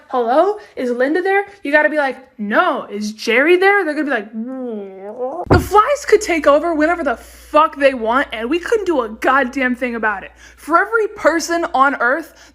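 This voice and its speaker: Young woman with a high voice, talking fast and casual about random facts, swears a lot. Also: fairly bright tone. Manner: chatty, quick, swears casually. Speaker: TikTok creator. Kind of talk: casual fact-sharing monologue.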